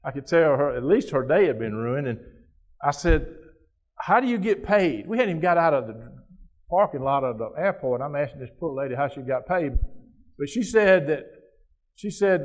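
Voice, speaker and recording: A man's voice: on the high side, expressive, moderate pace. A man giving a keynote speech, telling a personal story in a folksy, conversational way with frequent restarts. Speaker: keynote speaker.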